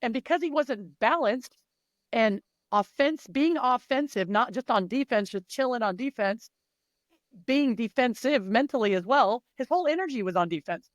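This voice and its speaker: A woman's voice: a little high, animated, moderate pace, no echo, highs cut off. A middle-aged woman coach talking in a casual interview, emphatic and blunt, swearing freely. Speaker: mental performance coach.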